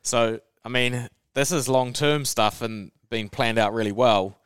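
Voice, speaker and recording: A man's voice: medium pitch, measured pace, a bit bright, clear, resonant tone, dry recording. A man co-hosting a casual podcast, blunt and swearing as he hypes his co-host along.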